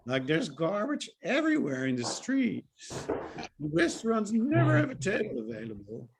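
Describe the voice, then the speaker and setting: A man's voice: high-pitched, wildly swooping pitch, normal speed, vocal fry, noisy background. A man from the Netherlands with a Dutch accent doing a stand-up set over a video call, joking and laughing at his own lines. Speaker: stand-up comic.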